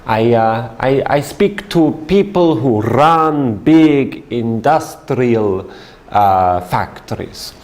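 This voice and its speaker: A man's voice: medium pitch, lively intonation, darkish tone. A man putting on a cheery businessman. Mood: pleased. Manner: halting, with broken grammar and repeated starts. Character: small, amused Italian businessman around fifty.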